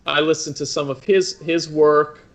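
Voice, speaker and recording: A man's voice: fairly high pitch, fairly even intonation, measured pace. A man in his thirties from the United States, an opera singer as the guest in a conversational interview, talking thoughtfully with many restarts.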